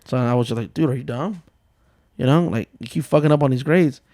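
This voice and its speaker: A man's voice: medium pitch, a little fast, mellow, dry recording, studio quality. A man in his thirties hosting a casual podcast chat, joking and telling family stories, swearing freely. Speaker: podcast host.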